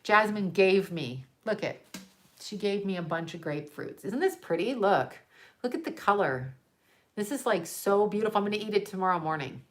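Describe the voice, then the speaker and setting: A woman from Canada hosts a casual livestream, talking in a loose, digressive way. She rants about everyday complaints and turns aside to answer viewers. Her voice sits at an ordinary middle pitch. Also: animated, moderate pace. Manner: ranting, digressive, chats with viewers. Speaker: livestream host. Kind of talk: casual rambling chat.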